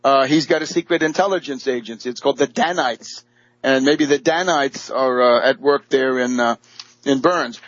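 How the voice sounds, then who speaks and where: Casting: a husky, fairly high-voiced man, rambling monologue, lo-fi dry recording. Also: moderate pace, no room sound. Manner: rambling, many fillers and restarts. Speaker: political commentator. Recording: dull lo-fi dry audio.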